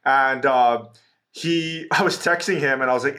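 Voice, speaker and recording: A man's voice: medium pitch, a little slow. A man hosting a casual conversation, talking loosely with many fillers and asides. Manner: relaxed, filler-heavy chat.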